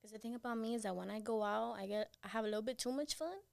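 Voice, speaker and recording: A woman with a Miami accent talks quickly and casually as a podcast guest. Her voice sits a little high, and she rambles in a relaxed, easygoing way. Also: creaky.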